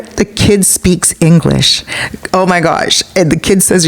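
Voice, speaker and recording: A woman's voice: on the low side, measured pace. A woman vlogger narrating a gossipy storytime in a chatty way.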